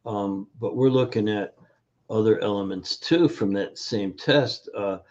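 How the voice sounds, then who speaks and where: Through dull, lo-fi audio, a functional nutrition educator with a lowish, darkish voice guests on a casual video interview. He halts and uses many fillers as he tells stories, acting out the people in them.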